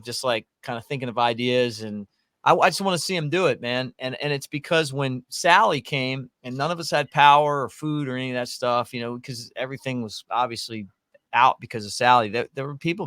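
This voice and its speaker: A man's voice: mid-range voice, a bit bright, smooth, no room sound. Man, show host, folksy rambling talk, casual chat, dry close sound. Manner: rambling, folksy, many restarts. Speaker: podcast host.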